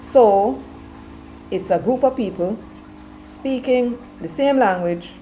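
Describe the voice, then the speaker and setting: A Jamaican woman hosting casual commentary, chatty, slipping between patois and English, her throat a little hoarse. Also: fairly high pitch, slow pace, mellow, slight background noise, rough recording. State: slightly hoarse, clearing throat. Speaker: commentary channel host.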